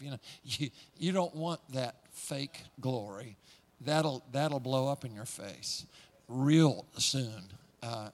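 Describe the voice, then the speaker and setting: A man preaching a sermon, telling a story with rising excitement, repeating words and chuckling along the way. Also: medium pitch.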